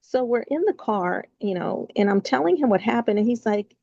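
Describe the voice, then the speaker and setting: A woman with a mellow, raspy voice, talking as a podcast guest. She tells her story haltingly, full of fillers and restarts. The recording is dry and slightly lo-fi. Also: on the high side, lively intonation, dry recording. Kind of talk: personal storytelling in an interview.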